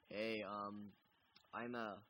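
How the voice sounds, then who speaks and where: A man's voice: on the low side, a bit bright. A young man casually messing around with a friend, rambling, giggling and swearing. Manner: rambling, giggly and crude, with many fillers.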